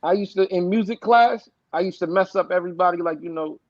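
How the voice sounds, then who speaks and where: High-voiced man, muffled mic. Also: fast talker, no room sound. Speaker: panelist. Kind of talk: casual panel chat. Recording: muffled audio.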